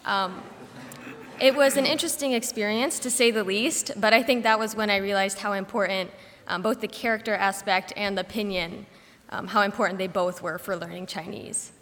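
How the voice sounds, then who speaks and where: A young woman student giving an informal class presentation, telling a story in a relaxed, anecdotal way. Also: mid-range voice, moderate pace. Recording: reverberant hall sound.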